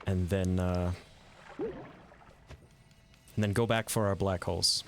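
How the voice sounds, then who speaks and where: A man giving live gameplay commentary, thinking aloud in a relaxed way with some mild swearing. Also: low-pitched, takes it slowly, a little hiss or hum. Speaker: game streamer.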